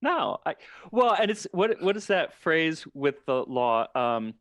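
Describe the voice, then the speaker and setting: A man talking as a podcast guest in casual chat, measured and thoughtful, often restarting his sentences. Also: on the high side, very animated, fairly bright tone, dry recording, studio quality.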